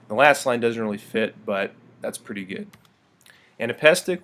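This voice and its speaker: A man teaching a recorded video lesson in a friendly, upbeat way, reading verse slowly with heavy stress. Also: fairly low pitch, expressive, a bit bright.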